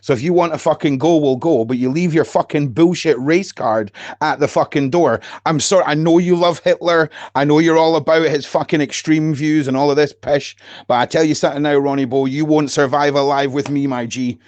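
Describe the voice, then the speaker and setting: A man's voice: a little high, moderate pace, few pauses, darkish tone, no echo. A man delivering an aggressive, profanity-heavy rant that taunts his rival. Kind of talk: angry recorded rant.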